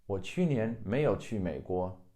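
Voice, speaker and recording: A man's voice: fairly low pitch, animated, unhurried, mellow. A man teaching a video language lesson, explaining grammar patiently and repeating each example phrase.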